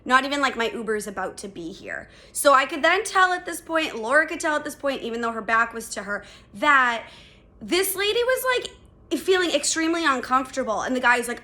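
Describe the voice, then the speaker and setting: Podcast host, young woman, bright and a bit high, casual storyteller who swears and says "like" a lot. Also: moderate pace. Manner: animated, swearing, lots of "like" fillers.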